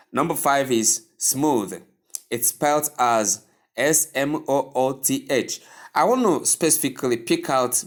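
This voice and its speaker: A man giving a pronunciation lesson, insistent and repeating words many times over. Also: medium pitch. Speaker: English pronunciation teacher.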